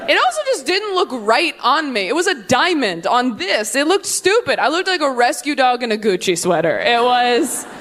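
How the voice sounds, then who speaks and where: A young woman in her twenties is doing stand-up on stage, playing out the voices she quotes with animated energy as the audience laughs. She speaks high-pitched at normal speed with few pauses, and there's slight background noise.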